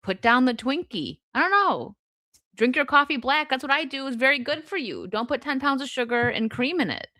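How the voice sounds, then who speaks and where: A young woman hosting a live stream, reading chat and chatting casually, laughing often with quick asides. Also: high voice, sing-song, pushed and bright, dry recording, clean studio sound.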